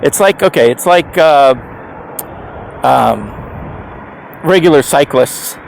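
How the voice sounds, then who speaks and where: A man's voice: on the high side, animated, takes it slowly, creaky, slight background noise. A man over fifty rambling casually to camera, chuckling often and restarting his sentences with emphatic repeats. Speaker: e-bike rider vlogger.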